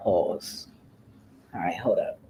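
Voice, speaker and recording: Low-voiced woman, profane and rambling. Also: slow, noisy background. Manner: often trails off and restarts. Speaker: home care worker. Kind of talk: casual vlog monologue.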